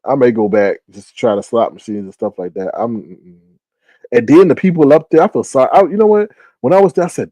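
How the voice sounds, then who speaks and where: Male streamer chatting with viewers, animated, warm low timbre, dry close sound. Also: fairly quick, dry recording, rough recording. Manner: animated, with shrieking high exclamations and laughter; drawling asides like "ooh, child". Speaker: live-stream host. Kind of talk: casual live-stream chat.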